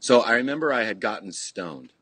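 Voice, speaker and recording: A middle-aged man from California tells stories in a loose, rambling way, full of restarts and casual swearing. His voice sits fairly low and has a husky grain. The studio sound is dry and close. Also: big pitch swings, fairly quick, a bit bright, no echo. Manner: laid-back, swears freely, many restarts and "you know"s. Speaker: podcast guest, punk musician. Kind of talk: casual storytelling. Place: podcast studio.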